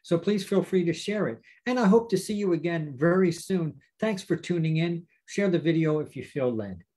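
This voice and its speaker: A pastor with a raspy, somewhat high-pitched voice teaches a Bible study to viewers. He talks directly to them, stressing points with rhetorical questions. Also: animated, normal speed. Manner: warm, direct address to viewers.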